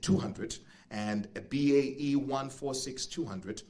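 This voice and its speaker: A man's voice: mid-range voice, measured pace, a little mellow. A man hosting a live event as master of ceremonies, playful and chatty with the audience. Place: event venue stage.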